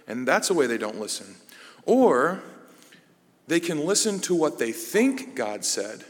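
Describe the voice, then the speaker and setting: Male preacher, easygoing and self-deprecating, mid-range voice, recorded with long hall echo. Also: medium pitch. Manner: self-deprecating storyteller, relaxed and conversational. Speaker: Bible study teacher. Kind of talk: conversational sermon.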